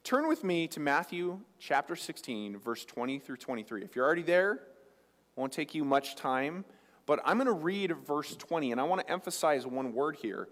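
A man's voice: a little high, sing-song, normal speed, a bit bright. A man preaching a sermon as a pastor, talking conversationally and putting questions to his congregation. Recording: long hall reverb.

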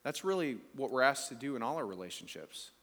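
Pastor preaching in a long-echoing hall. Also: male voice, medium pitch, very animated, fairly quick, fairly bright tone. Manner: conversational, playful, asks the congregation questions. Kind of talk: sermon.

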